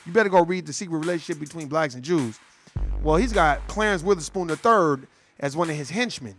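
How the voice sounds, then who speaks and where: A man's voice: a little high, fairly quick, a bit bright, faint music behind. A man delivering a profane, heated political rant in street slang. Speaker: commentator.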